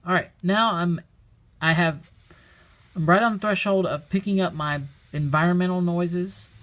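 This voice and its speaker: A man's voice: high-pitched, moderate pace, fairly bright tone. A man giving a casual how-to demonstration, explaining each step plainly and thinking aloud. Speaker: product demonstrator. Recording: very noisy home recording.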